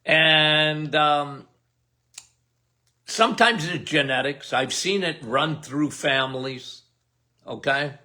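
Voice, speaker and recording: A man's voice: on the high side, slow pace, long pauses, bright, forceful tone. An older man hosting a live health Q&A, talking in a folksy, emphatic way and checking in with "okay?" over and over. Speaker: health show host answering viewer questions. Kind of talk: casual live Q&A.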